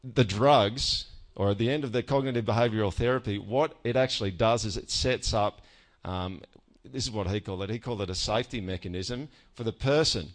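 A man's voice: lowish voice, brisk. A man preaching a sermon in a conversational way, often checking in with "all right?" and joking about himself. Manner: animated with self-mocking humor. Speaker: pastor.

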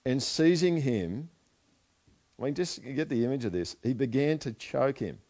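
A man's voice: medium pitch, animated, moderate pace. Chatty preacher man. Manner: chatty, asks the listeners questions, drops to quiet asides. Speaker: pastor. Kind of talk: conversational sermon.

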